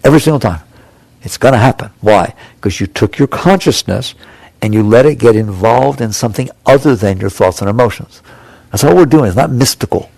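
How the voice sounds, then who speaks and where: Gravelly male spiritual teacher. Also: mid-range voice, lively intonation, brisk, a little mellow, no echo. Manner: conversational, acts out inner voices, chuckles. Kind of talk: spiritual talk.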